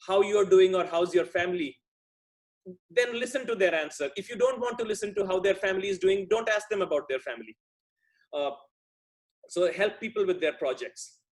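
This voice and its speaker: A middle-aged man from India gives a conversational talk as a guest speaker. His voice sits fairly high for a man. He speaks thoughtfully and often restarts his sentences. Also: a little fast. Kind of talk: talk on workplace relationships.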